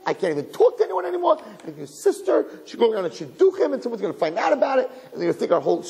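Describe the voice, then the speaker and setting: A man's voice: very animated, very fast, vocal fry, warm tone, exaggerated voice. A man putting on the voice of a frantic mother ranting at her son over a bad grade. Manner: shrill, ranting, overwrought. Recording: reverberant hall, faint background noise.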